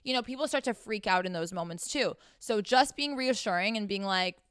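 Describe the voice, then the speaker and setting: A woman's voice: medium pitch, lively intonation, fairly quick, fairly bright tone, smooth, no echo, studio quality. Brash, profane young woman giving advice. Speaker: podcast host giving sex advice. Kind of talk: blunt advice monologue.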